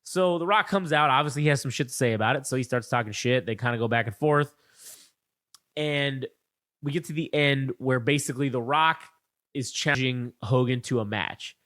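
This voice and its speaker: A man co-hosting a wrestling podcast, retelling a feud in excited, profane, rambling chat on a close mic. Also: medium pitch, moderate pace, no echo. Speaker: podcast co-host. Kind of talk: casual chat, wrestling recap.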